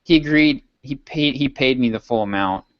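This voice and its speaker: A man's voice: mid-range voice, moderate pace, no room sound. A man co-hosting a podcast, telling a rambling story in casual chat and laughing often. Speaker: podcast co-host. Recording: dull, dry lo-fi sound.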